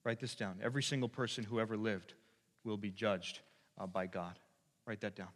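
A man preaching a sermon as pastor, asking the congregation rhetorical questions and swinging from quiet intensity to shouted peaks. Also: on the low side, fairly even intonation, moderate pace. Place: church sanctuary. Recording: long reverb of a large hall.

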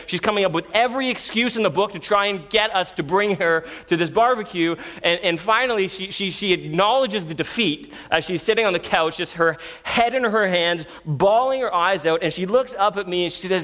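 A man's voice: on the high side, normal speed, a bit bright. Earnest man preaching a sermon. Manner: earnest, storytelling, frequent restarts. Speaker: guest preacher.

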